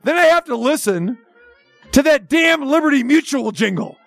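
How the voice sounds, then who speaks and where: Exasperated high-voiced sports radio host. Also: male voice, animated, normal speed, vocal fry, a bit bright, no echo, faint music behind. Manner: exasperated, sarcastic, rhetorical questions. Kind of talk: opinionated sports talk rant.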